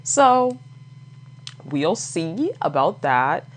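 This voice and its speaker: Very low-voiced blunt woman podcaster. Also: extremely slow, a little hiss or hum. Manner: blunt, profane, laughs often, animated asides. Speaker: podcast host. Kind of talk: casual solo podcast chat.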